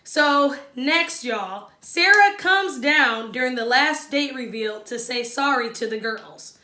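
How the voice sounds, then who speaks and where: Bright, sassy woman recapping a show. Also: high voice, expressive, slow pace, reverberant. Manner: chatty and sassy, talks straight to viewers. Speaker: reality show recap vlogger. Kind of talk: casual opinionated recap.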